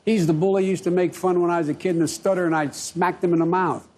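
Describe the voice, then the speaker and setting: A man's voice: high-pitched, steady tone, quick pace, darkish tone. A man giving assertive, folksy answers in a television interview clip. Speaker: interviewed politician.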